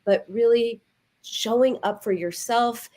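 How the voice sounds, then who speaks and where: A woman therapist, a guest on an interview show, giving lively advice and acting out quoted self-talk. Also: on the high side, slow pace. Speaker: eating disorder therapist, guest. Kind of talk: conversational advice.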